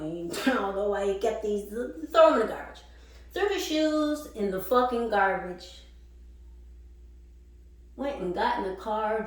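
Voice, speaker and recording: Woman ranting a story, cusses a lot, laughs a bunch, sounds far off in a really echoey room. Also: medium pitch. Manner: profane, animated, laughs often. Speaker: spiritual channel host. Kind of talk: casual storytelling monologue.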